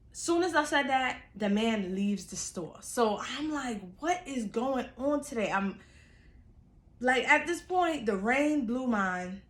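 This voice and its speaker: A woman's voice: fairly high pitch, reverberant. Chatty young woman telling a story. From New York. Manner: chatty, animated storytelling with slang. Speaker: vlogger. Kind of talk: casual storytime.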